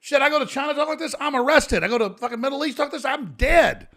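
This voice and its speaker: A man's voice: very high voice, fast talker, fairly bright tone. A man on a podcast as the guest, ranting emphatically in casual studio chat.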